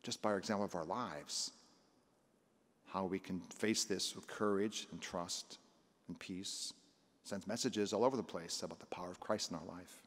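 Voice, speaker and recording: Older priest giving a sunday sermon, chatty, voice ringing around a big church. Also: male voice, deep voice, moderate pace, a bit bright. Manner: conversational preaching, acting out scripture voices. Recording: long church reverb.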